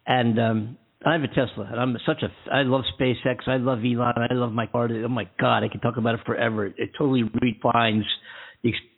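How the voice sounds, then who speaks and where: A man's voice: medium pitch, little pitch movement, brisk, slightly rough. A man hosting a podcast alone, chatting casually and rambling with lots of fillers and restarts. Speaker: podcast host. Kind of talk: casual solo podcast chat. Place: California. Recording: tinny phone-like line.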